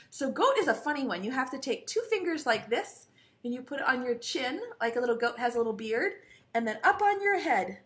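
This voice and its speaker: A woman teaching an online preschool lesson in a sing-song, encouraging way, stretching out key words for young children. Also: a little high.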